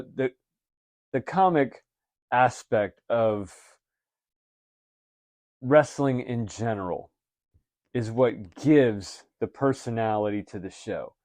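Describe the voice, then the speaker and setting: A man co-hosting a casual chat, easygoing and deliberate as he sums things up. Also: medium pitch, lively intonation, a little mellow, no echo. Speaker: wrestling podcast co-host.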